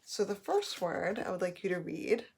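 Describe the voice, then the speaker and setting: A woman teaching a phonics lesson to young students, sounding out letters and words slowly and clearly as she writes on a board. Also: mid-range voice, big pitch swings, darkish tone.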